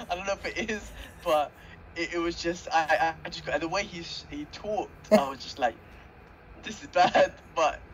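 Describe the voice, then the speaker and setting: A man's voice: on the high side, fairly bright tone. A man co-hosting a podcast, chatting animatedly about cartoons and laughing often. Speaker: podcast co-host. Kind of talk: casual chat. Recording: slightly dull audio with faint background noise.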